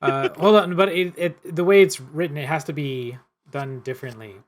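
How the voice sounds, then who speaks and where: A man's voice: on the high side, normal speed. A man playing a cooperative card game, reading the story text aloud and stumbling and correcting himself as he goes.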